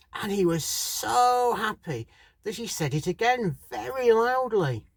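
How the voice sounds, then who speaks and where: A man reading a children's story aloud in a slow, expressive storybook manner. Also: high voice, no room sound.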